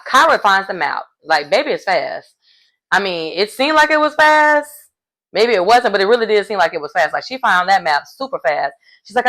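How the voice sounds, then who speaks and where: A woman, recapping a reality show in a casual, animated way and laughing often. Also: medium pitch.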